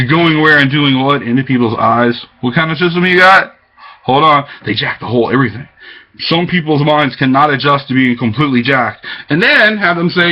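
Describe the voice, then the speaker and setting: Man, agitated rambling webcam monologue, fairly high voice, muffled webcam mic. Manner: agitated, rambling, jumps between topics. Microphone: webcam microphone. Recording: dull lo-fi webcam audio.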